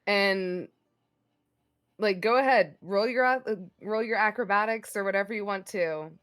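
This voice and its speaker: A woman playing a tabletop role-playing game, talking in an excited, rambling, profane way. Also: mid-range voice, moderate pace, clean tone. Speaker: player. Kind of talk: tabletop game play, casual chat.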